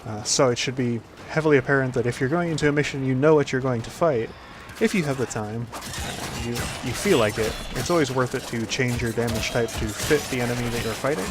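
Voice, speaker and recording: A man's voice: mid-range voice, fairly quick, few pauses, background noise. A man hosting a casual gameplay commentary, rambling with lots of fillers. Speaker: gaming video host.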